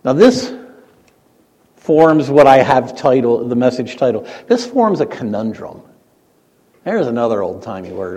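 A man preaching a sermon as a pastor. He swings between emphatic, raised points and quiet, conversational asides. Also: mid-range voice, measured pace, pauses often, breathy edge. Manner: animated preaching, rising to emphatic peaks and dropping to quiet asides. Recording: long hall reverb.

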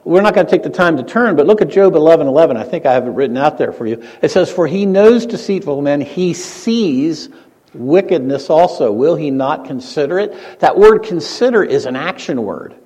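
A man preaching a sermon as a pastor. He swings between emphatic, raised points and quiet, conversational asides. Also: on the high side, moderate pace, breathy edge. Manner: animated preaching, rising to emphatic peaks and dropping to quiet asides. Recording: long hall reverb.

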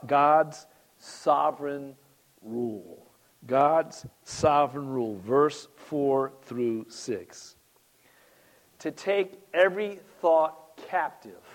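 Speaking directly to his congregation, a man delivers a sermon as pastor in a voice that sits a little high. His preaching is animated, full of big rises and drops.

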